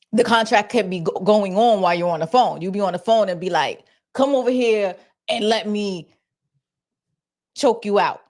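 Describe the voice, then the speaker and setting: A woman hosting a live reaction stream, talking casually and animatedly to her viewers, acting out voices and laughing as she goes. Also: medium pitch.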